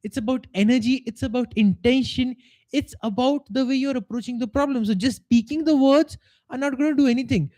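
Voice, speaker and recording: A life coach speaks on a live stream, giving a motivational talk in an earnest, explanatory way and acting out the voices of people in his examples. The man's voice is extremely high-pitched and mellow, and he speaks a little fast.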